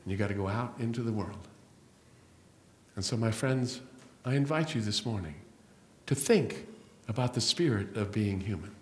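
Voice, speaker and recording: A middle-aged man giving an inspirational spiritual talk as guest speaker in a church hall, telling stories with slow, emphatic rises and drops. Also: lowish voice, animated. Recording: roomy hall echo.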